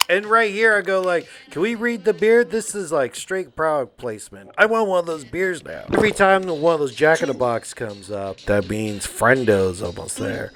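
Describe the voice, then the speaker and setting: A man's voice: on the high side, animated, normal speed, over music. A man giving a casual, slangy movie recap, laughing often and acting out the characters' lines. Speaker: movie kill-count commentator.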